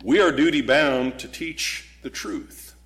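A man preaching a sermon, emphatic, with dramatic pauses and sudden loud stresses, now and then mocking opponents' voices. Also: mid-range voice. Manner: acts out voices of critics with mock gasps.

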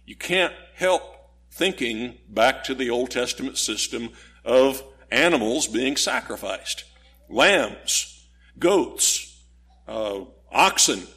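A man preaching a sermon, slow and deliberate, lifting his voice on key words. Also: mid-range voice, a bit bright, breathy edge.

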